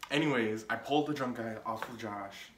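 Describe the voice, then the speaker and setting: A man's voice: medium pitch, brisk, roomy sound, a little hiss or hum. A young man telling a casual story on his vlog, rambling with lots of filler words and restarts. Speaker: vlogger.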